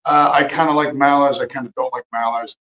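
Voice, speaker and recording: A man hosting his own livestream, talking in a heated, profane rant and hammering his points home by repeating them. His voice sits at an ordinary middle pitch. The room around him has a noticeable roomy echo. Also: steady tone, brisk, a bit bright. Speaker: livestream host.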